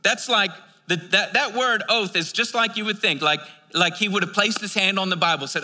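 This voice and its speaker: A man's voice: sits high, normal speed, few pauses, bright, forceful tone, in a large hall. An American man preaching a sermon, reading scripture and breaking into casual, chatty explanations. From United States. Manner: reads scripture then explains it in casual asides; conversational, with filler words and restarts.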